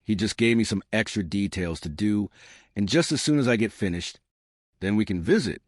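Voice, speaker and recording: A good-natured young Marine private answers politely and earnestly, as a man narrating the story puts him on. His voice is low yet animated, close and dry. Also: moderate pace, no room sound. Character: gentle, eager young male Marine private.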